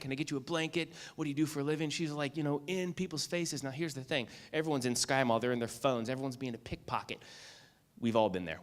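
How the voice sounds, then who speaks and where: A man giving a motivational keynote speech, telling a story with lively acted-out lines and asking the audience "okay?" and "right?" again and again. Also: mid-range voice. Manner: animated storyteller, acts out lines, asks "okay?" and "right?" often. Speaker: keynote speaker and magician.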